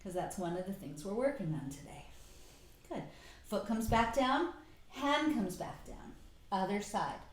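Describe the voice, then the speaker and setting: A middle-aged woman teaches a yoga class in calm, encouraging instructions, breathing softly through the exhales and slightly winded from moving. Her voice rings in a very echoey room. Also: medium pitch, a little slow.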